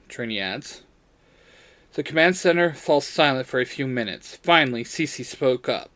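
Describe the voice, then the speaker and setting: A man reading a fan story aloud in a lively, expressive way. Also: mid-range voice, normal speed.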